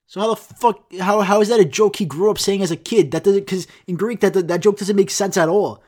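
A man's voice: high-pitched, fairly quick, a little mellow. Rambling, foul-mouthed podcast man. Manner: rambling, profane, self-mocking. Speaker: podcast host. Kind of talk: casual podcast rant.

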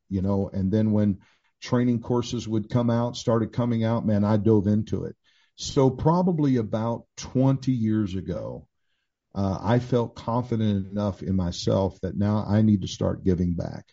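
A man's voice: fairly low pitch, moderate pace, warm tone. A man in his sixties, a pastor and author, telling his own story candidly in a casual conversation, with many restarts and fillers. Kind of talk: conversational testimony. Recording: dull lo-fi sound.

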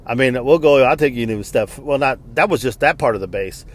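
A man's voice: medium pitch, brisk. A man in his forties and army veteran telling a story in a casual, profane and exasperated rant.

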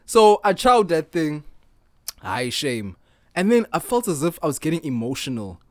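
A young man co-hosting a podcast, his pitch rising and falling in a lively way as he tells stories and acts out the voices of friends. He sounds close and dry, with no room around him, and keeps slipping into loud laughs. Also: normal speed, no room sound. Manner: animated storyteller, acts out quotes, laughs loudly. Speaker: podcast co-host. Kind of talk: casual storytelling chat.

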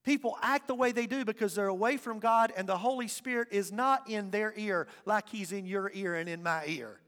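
A man preaching a sermon as pastor, impassioned, swinging from loud declarations to hushed asides. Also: high voice, moderate pace. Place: church sanctuary. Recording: reverberant church hall with faint music.

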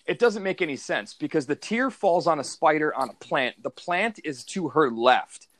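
A man's voice: on the high side, lively intonation, normal speed, a bit bright. Man ranting profanely in a podcast. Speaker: podcast co-host. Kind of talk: casual movie review chat.

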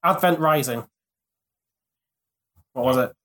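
A man's voice: medium pitch, slow, fairly bright tone. A man co-hosting a casual podcast quiz, laughing often and cracking crude jokes. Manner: giggly, jokey, crude asides. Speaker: podcast co-host, contestant. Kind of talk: casual banter in a quiz game.

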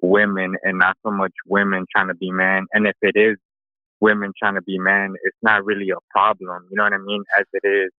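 A man's voice: low voice, monotone, fairly quick, dry recording. A man calling in to a talk show, blunt and casual with slang. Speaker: caller. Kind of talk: phone call-in chat. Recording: phone line.

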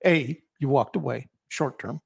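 A man's voice: mid-range voice, a little slow, creaky, husky, no echo, clean studio sound. An older man, a co-host and author, talking in a rambling, reflective way with many restarts in a casual chat.

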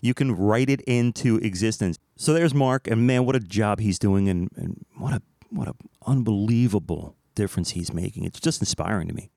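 A man's voice: on the low side, normal speed, gravelly, hardly any pauses, dark tone, dry recording, clean studio sound. A man hosting a podcast, chatting casually and enthusiastically about his guest. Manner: enthusiastic, admiring. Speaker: podcast host. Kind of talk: casual commentary.

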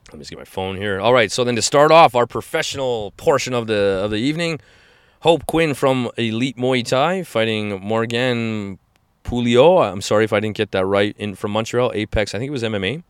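Speaking briskly and expressively at a medium pitch, a podcast host in his forties rambles enthusiastically through fight recaps, frequently starting over mid-thought. His smooth voice is captured with studio quality and no room sound.

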